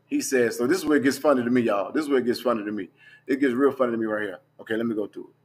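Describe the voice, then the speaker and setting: A man's voice: mid-range voice, racing. A young man, talking bluntly and profanely in a casual livestream, scrolling through screenshots as he goes. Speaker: vlogger.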